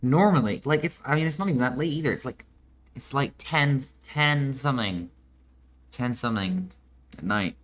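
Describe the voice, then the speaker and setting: A man's voice: medium pitch, animated, moderate pace, a bit bright, a little hiss or hum. A man reading a story game's text aloud and making casual, swearing asides as a let's play host, while ill. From United States.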